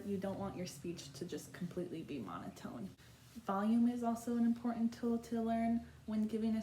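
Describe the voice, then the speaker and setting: A woman's voice: medium pitch, dark tone, a little hiss or hum. A young woman earnestly giving a prepared lesson on public speaking, with small slips as she reads her points. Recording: echoey room.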